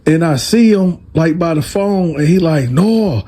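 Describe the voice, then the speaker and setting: A man telling a prison story in a casual, animated way, talking straight to his viewers. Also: fairly high pitch, moderate pace, noisy background. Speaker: storyteller, channel host.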